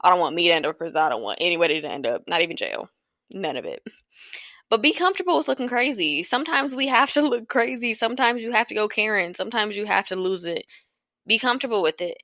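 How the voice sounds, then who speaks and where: A woman's voice: mid-range voice, lively intonation, fast talker, fairly bright tone, no room sound, clean studio sound. A young woman in her twenties hosting a casual solo podcast, talking bluntly and profanely in a rambling way. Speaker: podcast host.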